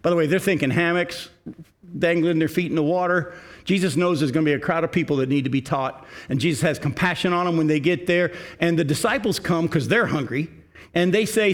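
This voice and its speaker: A man's voice: fairly high pitch, fast talker. A male pastor preaching a sermon in a conversational way, asking his listeners questions.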